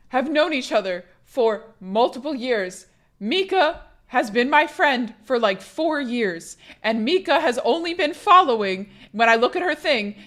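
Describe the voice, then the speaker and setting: Chatty woman streamer, slightly high voice. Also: a bit bright. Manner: rambling, joking, swears freely. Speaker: live streamer. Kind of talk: casual live-stream chat.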